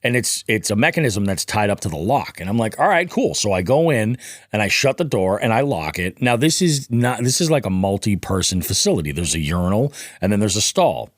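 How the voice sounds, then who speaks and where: This podcast guest recounts a loose, foul-mouthed story with animation, performing the quoted dialogue himself. His voice is lowish and fairly quick, captured in clean studio sound without room tone.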